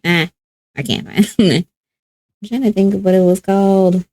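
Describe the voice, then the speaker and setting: A woman's voice: medium pitch, steady tone, normal speed, a little mellow, dry recording. A woman casually commenting while playing a game, musing aloud about what she sees. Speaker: gameplay streamer. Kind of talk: casual let's-play commentary.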